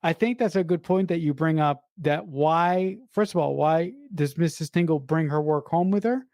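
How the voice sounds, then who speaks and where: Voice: medium pitch, normal speed, darkish tone, no echo. Enthusiastic podcast co-host, dry sound. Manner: enthusiastic, emphatic, swears casually. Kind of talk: casual film-review chat.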